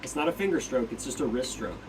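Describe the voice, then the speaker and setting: A man talks through drum exercises in a loose, casual way, counting beats out loud and checking in with "right?" His voice comes from some distance off the mic. Loud stick and pad clatter runs under his words. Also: medium pitch, animated, fast talker, background noise. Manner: counts beats aloud while demonstrating on a practice pad; loose, filler-heavy explaining with frequent "right?". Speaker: drum teacher. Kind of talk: casual instructional talk.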